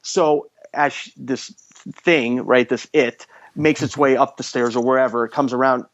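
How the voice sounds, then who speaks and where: A podcast host with a medium-pitched voice and moderate pace retells a horror movie plot in casual conversation. He is an animated storyteller who acts out the characters' lines, and the audio is dull and lo-fi.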